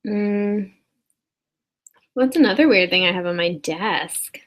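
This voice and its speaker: A woman's voice: medium pitch, slow pace. A woman rambling through an improvised comedy monologue at her desk. She is mock-earnest and builds into outrage. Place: indoors at a desk.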